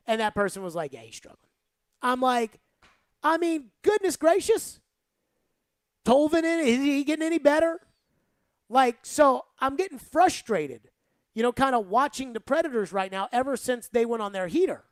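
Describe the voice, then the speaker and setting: A woman's voice: sits high, animated, normal speed, no echo. A woman hosting sports talk radio, giving rambling, emphatic opinions and saying "like" a lot.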